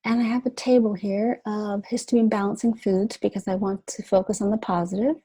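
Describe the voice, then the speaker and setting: A woman's voice: medium pitch, steady tone, fairly quick, mellow, husky, no room sound, poor audio. A woman presenting a nutrition webinar lecture, talking informally with fillers and restarts.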